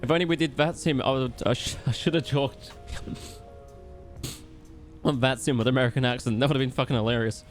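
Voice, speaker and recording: A man's voice: medium pitch, fairly even intonation, moderate pace, faint music behind. A man streaming a flight simulator, commenting brashly to himself and swearing a lot. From Australia. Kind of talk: live flight-sim gameplay commentary.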